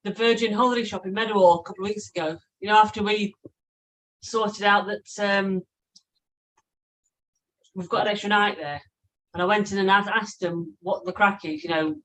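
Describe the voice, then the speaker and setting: A woman's voice: medium pitch, steady tone, moderate pace, long pauses, a bit bright, distant mic, rough recording. Bubbly woman, casual chat. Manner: bubbly, greets viewers by name, laughs often. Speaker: co-host of a live chat stream.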